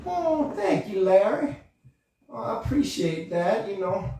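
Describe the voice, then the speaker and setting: A man's voice: high-pitched, big pitch swings, measured pace, creaky, warm tone, a little hiss or hum, pitched above the performer's own voice, heavily acted. A man voicing a passionate female ballerina puppet in a flirty, gushing way. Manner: flirty, gushing, says sugar. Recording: echoey room, voice far from mic.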